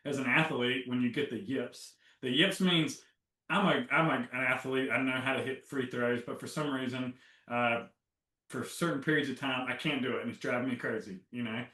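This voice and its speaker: A man's voice: mid-range voice, normal speed. A man speaking as a guest on a health interview, telling his story with energy and acting out his own inner voices. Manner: animated storytelling, acts out inner dialogue. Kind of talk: casual interview talk. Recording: roomy, from a distance.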